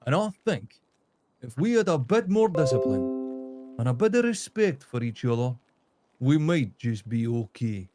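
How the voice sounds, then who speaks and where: A man, running for mayor and speaking in a debate in a halting way with many pauses. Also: medium pitch, very animated, dark tone, soft background music. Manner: hesitant, full of pauses. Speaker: mayoral candidate. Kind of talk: debate speech.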